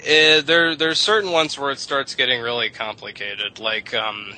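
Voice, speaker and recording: His mid-range voice is steady and sharp, moving at a moderate pace, over slight background noise in a rough recording. He's a radio guest lecturing in a rambling way about how English vowels evolved, cursing now and then.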